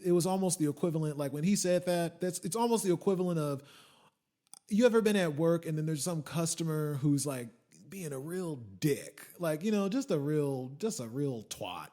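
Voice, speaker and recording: A man hosting a podcast, telling a story as a profane rant that swings from muttering asides to shouting. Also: fairly high pitch, expressive, normal speed. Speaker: podcast host. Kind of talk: ranting monologue.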